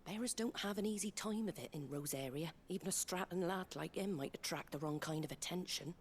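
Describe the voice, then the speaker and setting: A woman's voice: lowish voice, a little fast, a little hiss or hum, lightly acted. An actress playing a guarded, blunt landlady of a tavern in a game. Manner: guarded and blunt, plain warnings. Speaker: game character.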